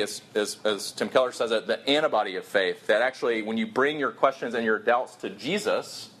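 A man's voice: medium pitch, a bit bright. A young man preaching a sermon to college students, earnest and storytelling, with his voice jumping up for emphasis.

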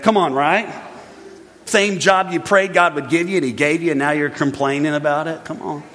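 A man preaching a sermon as pastor, animated, acting out grumbling voices for laughs. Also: fairly high pitch, brisk. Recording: long hall reverb.

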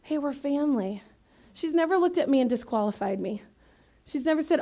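A woman from Iowa preaching to a church congregation, lively and conversational, joking and emphatic as she talks to the room. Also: sits high, a little fast. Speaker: guest preacher. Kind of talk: sermon.

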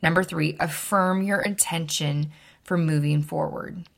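Low, gravelly-voiced woman podcast host. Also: fairly even intonation. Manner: instructive, repeats key points slowly. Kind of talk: advice podcast talk.

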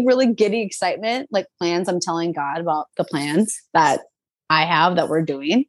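A woman in her twenties telling a personal story in a casual, animated, chatty way, full of fillers. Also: on the low side, normal speed, dry recording.

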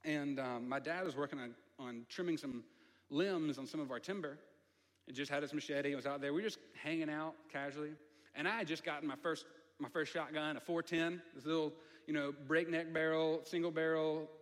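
A man's voice: on the high side, steady tone, fairly quick. A man with a Southern accent, preaching a storytelling sermon in a conversational way, with asides to the audience. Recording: long hall reverb.

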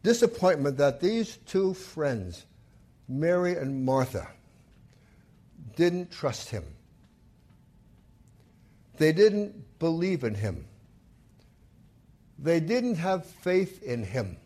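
A man delivering a sermon, his pitch rising and falling freely as he retells a scripture story. His voice sits slightly high for a man, and he throws himself into the quoted lines of the story. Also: extremely slow, long pauses. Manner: retells scripture with acted quotes, lively and emphatic. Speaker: pastor.

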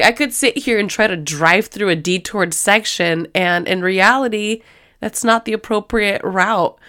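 Chatty woman with a lowish voice. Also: a bit bright, smooth. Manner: chatty, rambling, acts out quoted voices. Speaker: podcast host. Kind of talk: casual faith-based podcast talk.

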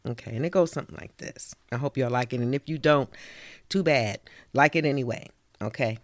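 A woman's voice: very deep voice, fairly quick, no room sound. A woman from New York with a New York accent, reciting a spoken-word poem and then chatting casually, laughing often and saying "you know" a lot. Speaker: spoken-word poet and storyteller.

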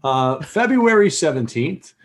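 A man's voice: fairly high pitch, big pitch swings, a little slow. A man hosting a casual history podcast, reading dates and facts, laughing often and tripping over his words. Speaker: podcast host.

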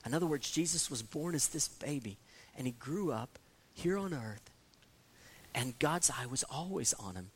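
A man's voice: medium pitch, expressive, normal speed, slightly rough. A man preaching an expository sermon, earnest, often repeating words as he restarts and rising to emphatic peaks. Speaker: pastor.

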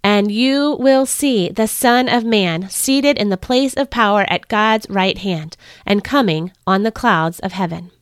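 Woman voicing a quiet, firm storybook man, slow and grave. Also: mid-range voice, smooth, no room sound, studio quality, lightly acted. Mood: solemn. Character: calm, firm male teacher declaring himself.

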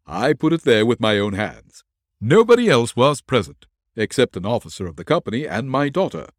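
A man's voice: mid-range voice, big pitch swings, no room sound, studio quality, pitched above the performer's own voice, lightly acted. Man doing a firm, stubborn old colonel. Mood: insistent. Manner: firm, deliberate. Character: stubborn older male colonel, believer in ghosts.

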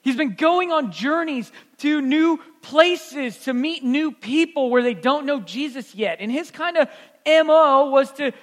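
A man's voice: very high-pitched, animated, a little slow, in a large hall. A man pastor telling a story in an earnest, conversational sermon.

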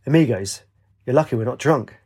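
A man's voice: mid-range voice, animated, brisk, darkish tone, husky. A man voicing a cocky, charming male singer who leads an outcast camp, laid-back and teasing.

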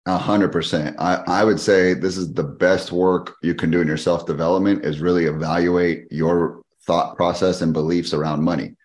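A man with a very low, deep voice tells a story as a podcast guest. He keeps the story moving quickly and animatedly, and he is middle-aged. His tone is casual and conversational. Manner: animated, fast-paced storyteller who acts out quoted people. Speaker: podcast guest, fitness business owner.

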